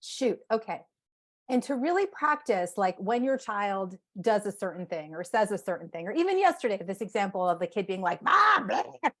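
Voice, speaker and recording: A woman psychotherapist talking casually as a podcast guest, animated, acting out inner voices and saying "like" often. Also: mid-range voice, a little fast. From United States.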